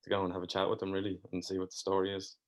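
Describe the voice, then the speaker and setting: An Irish man chatting as a podcast guest, with a very low voice that barely moves in pitch. He strings his anecdotes together in long, easygoing runs and drops a casual swear now and then. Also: completely flat delivery, racing. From Ireland. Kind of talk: casual storytelling chat.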